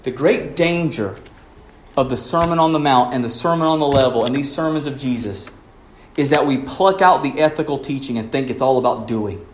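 A man, a pastor, preaching a sermon, rising to emphatic peaks and dropping quiet again. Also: medium pitch, normal speed, roomy sound.

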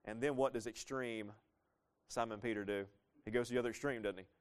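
A man preaching a sermon, lively and conversational, asking his listeners questions and acting out the lines he quotes. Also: mid-range voice, brisk, clean tone. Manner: animated, asks the congregation questions, acts out quoted lines. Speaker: pastor.

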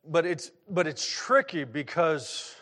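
This middle-aged pastor's voice sits fairly high, swings widely in pitch, and has a slightly bright tone as he speaks slowly. His sermon feels like a conversation: he poses questions to the audience and frequently restarts, repeating words as he goes.

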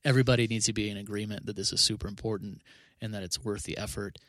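A man's voice: on the low side, fairly even intonation, fast talker, fairly bright tone, dry recording, clean studio sound. A man who is a pastor, talking earnestly in a casual podcast conversation, often restarting and adding 'you know'.

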